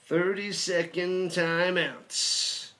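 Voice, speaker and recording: A man's voice: high voice, steady tone, drawn-out words, sharp tone. A man giving live play-by-play commentary, chatty, humming and joking between plays and rising on big ones.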